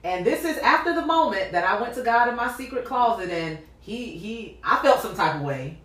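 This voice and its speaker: A woman's voice: on the high side, moderate pace, far from the mic. A woman hosting a casual faith talk, telling a personal story with lots of acted-out dialogue and laughter. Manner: animated storytelling, acts out dialogue, laughs often. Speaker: podcast host. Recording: echoey room, off mic.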